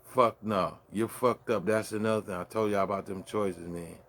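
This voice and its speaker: Brooklyn guy ranting late at night, gravelly voice, boastful cussing, faint hiss behind. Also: fairly low pitch, fairly even intonation, normal speed, a bit bright. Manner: boastful, profane trash talk. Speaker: host. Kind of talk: late-night solo rant. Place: home man cave.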